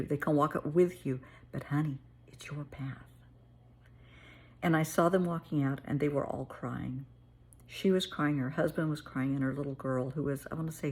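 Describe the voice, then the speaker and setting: A woman's voice: low voice, gravelly, slightly rough. A middle-aged woman therapist telling a personal story and giving earnest, emotional advice. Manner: earnest, emotional, calls listener honey.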